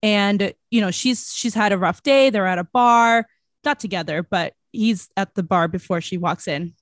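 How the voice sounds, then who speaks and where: A woman's voice: mid-range voice, normal speed, dry recording, studio quality. A young woman co-hosting a podcast, chatting casually about a movie, bubbly and giggly with lots of fillers. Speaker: podcast co-host. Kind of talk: casual movie review chat.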